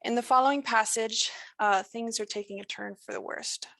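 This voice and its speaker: A woman's voice: on the high side, fairly even intonation, normal speed, gravelly, a bit bright, dry recording. A woman author reading her own fiction over a video call, starting hesitantly with ums, then reading steadily. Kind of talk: prose reading.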